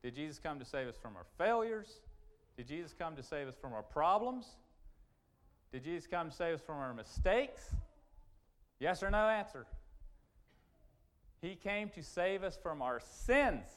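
A man preaching a sermon, emphatic and repetitive, swinging from loud urgent points to quiet asides. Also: fairly high pitch, big pitch swings, unhurried, long pauses. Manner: emphatic, repetitive restarts, rising and falling sharply.

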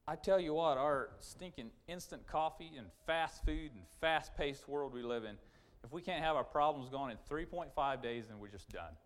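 A man preaching a sermon, emphatic and repetitive, swinging from loud urgent points to quiet asides. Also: on the high side, normal speed. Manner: emphatic, repetitive restarts, rising and falling sharply.

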